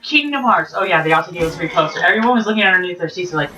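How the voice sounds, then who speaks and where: Excited rambling woman vlogger, roomy distant sound. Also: lowish voice, rapid-fire. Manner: excited, rambling, acts out quotes. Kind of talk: casual event recap.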